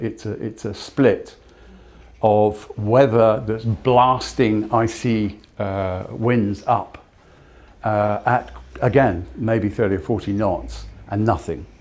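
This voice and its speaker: A man's voice: lowish voice, darkish tone. Older man telling personal stories. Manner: halting, with frequent restarts and fillers. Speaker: speaker giving a talk. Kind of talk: personal storytelling talk.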